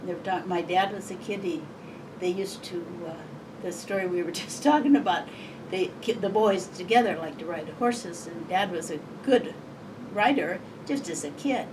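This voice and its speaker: A woman's voice: lowish voice, normal speed. An older woman from Montana, an interviewee telling oral history stories in a rambling, chuckling way. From Montana, USA. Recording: distant mic, faint background noise.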